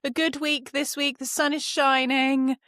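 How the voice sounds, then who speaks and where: A woman's voice: high voice, little pitch movement, measured pace, a bit bright, no echo, studio quality. A woman co-hosting a podcast, bubbly and giggly in casual chat. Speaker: podcast co-host.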